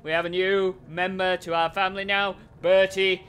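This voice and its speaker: A young man commentating a game he plays, excitable and swearing, shouting at and cooing to his pet. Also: sits high, normal speed, clear, resonant tone. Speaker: gaming video host. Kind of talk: excited let's-play commentary.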